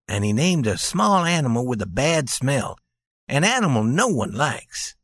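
Expressive male story reader. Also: mid-range voice, dry recording, clean studio sound. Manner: slow, clear, deliberate reading. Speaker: narrator. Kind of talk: scripted story reading.

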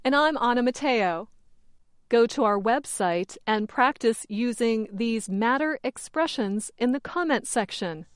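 A woman hosting an English-learning program, reading a scripted lesson slowly and with careful, clear enunciation. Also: fairly high pitch, lively intonation, dry recording. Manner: measured, carefully enunciated delivery. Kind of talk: slow, clearly scripted teaching narration.

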